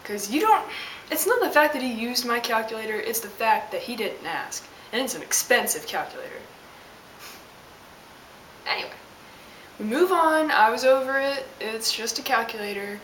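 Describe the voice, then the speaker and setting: A woman's voice: a little high, lively intonation, normal speed, a bit bright. A young woman telling an exasperated, sassy story as a casual vlog rant. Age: young adult. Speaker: vlogger. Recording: roomy, distant mic with hiss.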